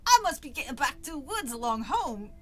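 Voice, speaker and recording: A woman voicing a ragged, puzzled medieval peasant boy in a put-on Cockney accent, asking slow bewildered questions. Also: high voice, very animated, a bit bright. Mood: dismissive. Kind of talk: read-aloud storybook voices.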